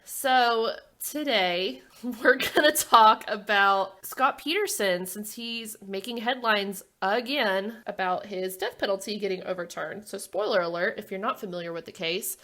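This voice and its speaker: A woman's voice: medium pitch, unhurried, sharp tone. Chatty woman podcast host. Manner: chatty, laughing easily, Southern "y'all". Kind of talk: casual podcast chat.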